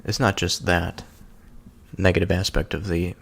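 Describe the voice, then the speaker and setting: A man giving a slow, halting contemplative reflection on a scripture reading, pausing often and thinking aloud as he goes. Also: deep voice, flat delivery, vocal fry, fairly bright tone. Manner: slow, halting, with many pauses and fillers. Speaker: solo speaker reflecting on scripture.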